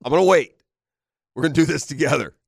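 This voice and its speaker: A man hosts a sports radio show, his voice sitting a little high for a man. He banters playfully, laughing often and teasing with rhetorical questions. The studio sound is close and dry. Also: fast, creaky, no echo. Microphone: studio microphone.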